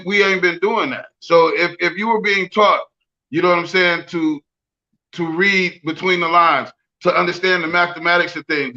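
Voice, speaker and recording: A man hosting a podcast, talking casually and profanely, breaking into loud, ranting bits. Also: on the high side, dull audio. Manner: profane, boisterous, swings into loud rants. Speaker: podcast host. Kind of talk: casual chat.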